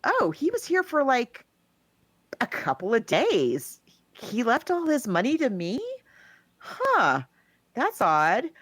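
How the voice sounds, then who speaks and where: A woman voicing an older female hotel maid, timid and surprised, in a high, wavering voice. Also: wildly swooping pitch, slow, long pauses, fairly bright tone, husky, no echo, exaggerated voice.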